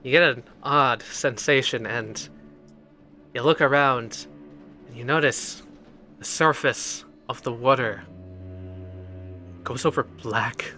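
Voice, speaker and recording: A man running a tabletop role-playing game as game master, narrating scenes and explaining rules in an animated way. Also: mid-range voice, takes it slowly, pauses often, faint music behind. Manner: animated, laughs between lines.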